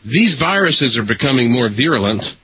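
Husky, forceful man hosting a talk show. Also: mid-range voice, big pitch swings, moderate pace, no room sound. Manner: rambling with fillers and self-deprecating humor. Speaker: podcast host. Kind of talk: casual chat. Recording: dull lo-fi recording.

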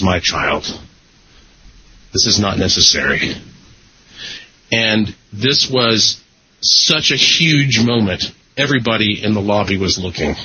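A man's voice: lowish voice, sharp tone, breathy edge, no echo. A man hosting a casual talk show, rambling with fillers and self-deprecating humor. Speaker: podcast host. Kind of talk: casual chat. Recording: dull lo-fi recording.

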